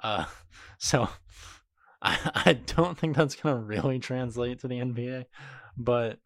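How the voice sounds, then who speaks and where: A man's voice: medium pitch, unhurried, a bit bright, no room sound, clean studio sound. A man co-hosting a sports podcast, speaking in a laid-back, wry way with fillers. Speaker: podcast co-host. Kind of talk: casual sports podcast chat.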